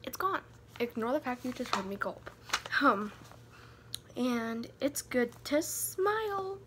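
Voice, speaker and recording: Teenage girl, vlogger, high voice, rambling, giddy, self-mocking, casual advice. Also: very animated, slow pace, fairly bright tone, slight background noise.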